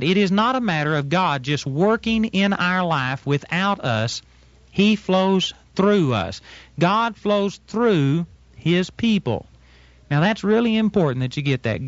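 A man gives a recorded Bible teaching with a fairly high voice. He speaks emphatically and walks through scripture step by step, hammering on key phrases. The sound is dry and a little dull. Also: no room sound.

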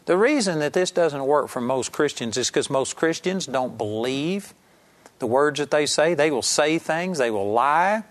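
Animated, slightly high-voiced male preacher. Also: a little slow. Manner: conversational, animated, acts out the scene. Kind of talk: sermon, Bible teaching.

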